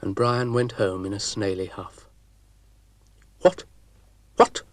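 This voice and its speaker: A man narrating a children's story with a dry, gently wry delivery. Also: lowish voice, steady tone, normal speed, no echo.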